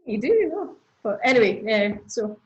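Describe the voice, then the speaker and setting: A woman's voice: fairly high pitch, big pitch swings, moderate pace, muffled recording. A woman with a Scottish accent, a church minister chatting casually as a podcast guest, with lots of fillers. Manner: chatty, frequent fillers and laughs.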